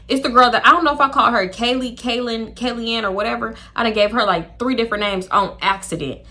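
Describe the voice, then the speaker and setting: A young woman telling a casual storytime, chatty and animated, acting out quoted dialogue with laughs. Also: fairly high pitch, a little fast, hardly any pauses. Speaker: storytime YouTuber.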